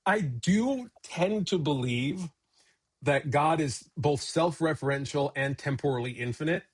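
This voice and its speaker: A man, a pastor co-hosting a casual Bible discussion, talking in an animated, joking way and acting out quotes in a raised voice. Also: fairly high pitch, a little slow, slightly rough. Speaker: pastor and podcast co-host.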